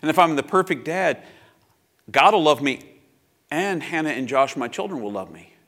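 A man's voice: on the high side, lively intonation, normal speed, a bit bright. Reflective, confessional male pastor. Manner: reflective and confessional, with personal asides. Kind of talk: sermon.

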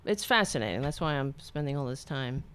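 A woman commenting on a video, sarcastic and swinging from loud rants to low muttering. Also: expressive, a little fast, clear, resonant tone. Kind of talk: casual reaction commentary.

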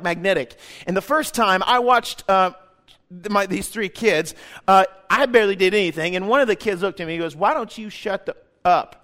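High-voiced man preaching with fervor. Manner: impassioned, swings from hushed to loud. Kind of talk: sermon.

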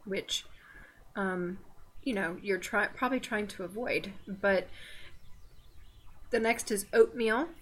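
A Southern American woman talking through a casual faith podcast in a middle-pitched voice. She wanders off on teasing tangents and keeps the chat light and folksy. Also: takes it slowly, pauses often, slight background noise. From Southern United States. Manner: chatty and digressive, with teasing asides and laughter. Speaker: podcast co-host.

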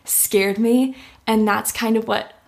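A woman's voice: a little high, fairly even intonation, takes it slowly, vocal fry. A young woman giving a heartfelt personal testimony in an interview, with lots of "like" fillers. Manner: heartfelt, uses "like" often. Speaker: interview guest.

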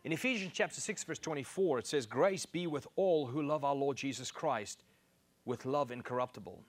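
A man preaching a sermon, reading scripture and repeating key phrases for emphasis. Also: moderate pace. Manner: emphatic, repeats key phrases, rises in pitch to stress points.

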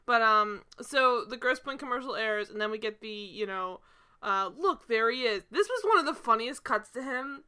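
A woman's voice: on the high side, moderate pace, clean tone. A woman co-hosting a casual podcast, recapping a TV episode with lots of laughing and swearing. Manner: laughing, profane, animated storytelling. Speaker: podcast co-host.

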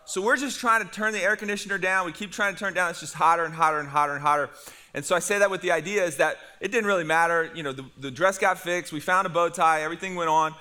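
A middle-aged man preaching to his congregation, telling a funny story with energy. His voice sits high and rings out bright and forceful. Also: fast, smooth. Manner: animated storytelling with humor. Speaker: pastor. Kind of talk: sermon.

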